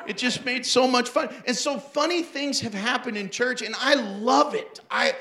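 A male pastor with a high, bright voice tells funny church stories from the pulpit. He acts out the people in them and laughs along as he goes. His voice rings around a roomy, echoing space. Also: moderate pace, creaky. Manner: animated, acts out quotes, laughs often. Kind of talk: storytelling sermon.

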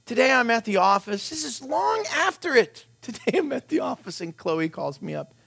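A middle-aged man preaching, telling a humorous personal story in an animated, self-deprecating way and laughing as he goes. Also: extremely high pitch, normal speed, gravelly, breathy edge.

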